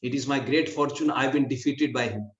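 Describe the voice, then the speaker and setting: A man voicing a defeated king of the gods who submits in a low, hushed, humble voice. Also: brisk, natural voice. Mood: humbled. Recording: dull, distant, roomy recording.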